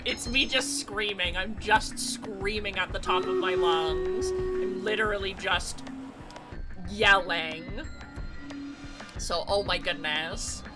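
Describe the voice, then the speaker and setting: A young woman streaming a game, excitable and loud, swearing, laughing and screaming as she plays. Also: mid-range voice. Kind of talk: let's play commentary.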